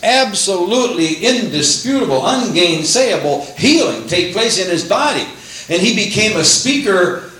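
An older man preaching a sermon in a church, animated, rising to exclaim praises, with frequent restarts. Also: on the high side. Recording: echoey room with faint hum.

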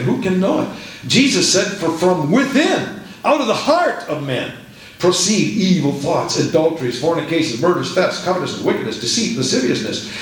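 Fervent preacher man in an echoing hall. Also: sits high. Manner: fervent, repeats phrases, calls out amen and praise the Lord. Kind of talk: sermon. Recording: very echoey hall with faint hiss.

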